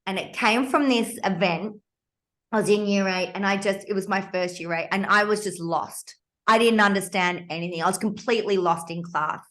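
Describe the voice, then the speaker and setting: An Australian woman in her fifties hosting a podcast, telling a personal story in an animated, emphatic and blunt way. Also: medium pitch, normal speed. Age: 50s. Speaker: podcast host.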